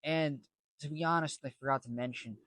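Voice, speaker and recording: A man's voice: a little high, a little fast, fairly bright tone, no room sound. A man casually telling a story to camera, rambling with slang and many restarts. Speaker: vlogger.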